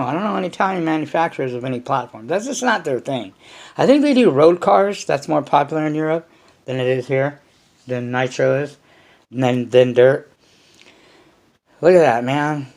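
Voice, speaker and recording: A man chatting casually to his viewers as a hobby vlogger, loose and profane, sometimes talking about himself in the third person. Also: mid-range voice. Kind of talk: casual rambling chat to viewers.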